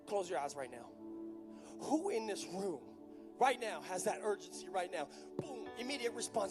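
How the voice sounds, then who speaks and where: A man preaching a passionate sermon at a live event, building to loud, urgent delivery. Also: high-pitched, sing-song, moderate pace, over music.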